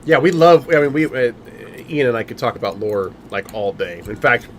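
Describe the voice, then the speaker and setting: A man's voice: mid-range voice, animated, moderate pace, slight background noise. A man hosting a game company livestream, chatting casually with many fillers and restarts.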